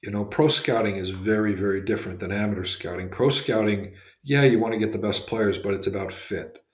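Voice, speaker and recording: Low-voiced man in an echoey room. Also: steady tone, brisk. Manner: rambling, frequent fillers and restarts. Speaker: guest, former hockey executive and scout. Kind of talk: casual podcast interview storytelling.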